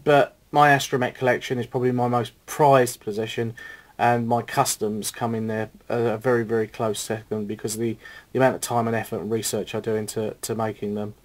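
A man's voice: mid-range voice, little pitch movement, a little fast. A middle-aged man, chatting casually in a video blog and answering questions with rambling enthusiasm. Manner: enthusiastic, rambling with restarts and fillers.

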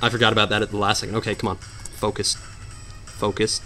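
A man commentating a hard video game, sarcastic and mock-dramatic, swinging from low mutters to sudden outbursts. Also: little pitch movement, rapid-fire, bright, forceful tone, soft background music. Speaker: gameplay commentator. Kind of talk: let's play commentary.

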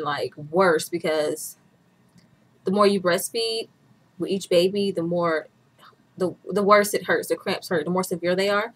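A woman's voice: fairly low pitch, a bit bright. A woman in her twenties chatting candidly as a vlogger, laughing often as she talks. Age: 20s. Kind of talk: casual chat.

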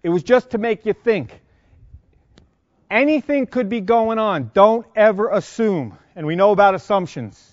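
A middle-aged man with a New York accent, lecturing a class of firefighters and quizzing them with quick questions. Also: sits high, animated, no room sound. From Long Island, New York. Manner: quizzing the audience with rapid questions. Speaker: fire service instructor. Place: conference lecture room. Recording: dry, dull lo-fi sound.

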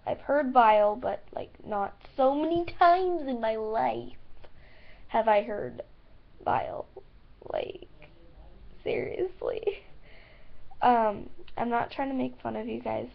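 A woman's voice: fairly high pitch, takes it slowly, creaky, dull audio. An American woman vlogging casually to camera, chatty and giggly, lightly teasing her viewers.

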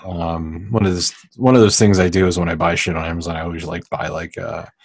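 A man's voice: low-pitched, flat delivery, brisk, husky, dry recording. A man co-hosting a podcast, chatting casually and crudely while watching a movie. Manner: laid-back, mumbling, crude jokes. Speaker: podcast co-host. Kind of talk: casual movie commentary chat.

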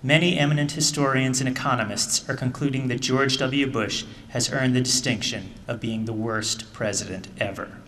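A middle-aged man, an author speaking at a book event, reading aloud in measured tones and then telling a casual story full of fillers. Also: medium pitch, steady tone, fairly bright tone, slight background noise. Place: theater stage. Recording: distant mic in a reverberant theater hall.

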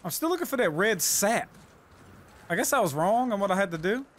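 A man streaming a live game, commenting loudly with lots of swearing and yelling during fights. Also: sits high, expressive, fairly quick, a little hiss or hum. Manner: loud, profane, yells during fights. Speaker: gaming streamer.

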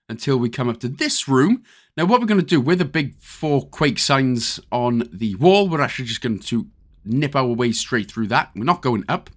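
A man's voice: on the high side, a bit bright. A man with a Welsh accent giving a casual, jokey step-by-step game walkthrough as a channel host. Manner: chatty, jokey, step-by-step instructions.

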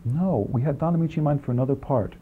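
A man being interviewed about his film work, talking quickly in long rambling answers with many restarts and asides, on an old archival tape. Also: medium pitch. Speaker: film writer and director, interview guest. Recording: dull archival 1980s interview tape, faint hiss.

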